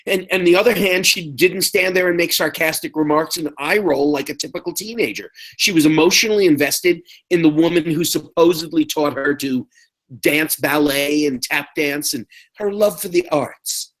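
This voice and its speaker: Sarcastic podcast co-host with leaping pitch. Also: normal speed, fairly bright tone, low-quality recording. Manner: sarcastic, pitch leaps high when mocking; agreeing interjections. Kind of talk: casual recap chat.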